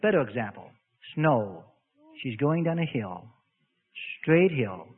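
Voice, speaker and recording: A man's voice: mid-range voice, very animated, takes it slowly, breathy edge. A man preaching a sermon in a folksy way, illustrating his points with everyday stories, heard on a lo-fi radio broadcast in an echoey hall.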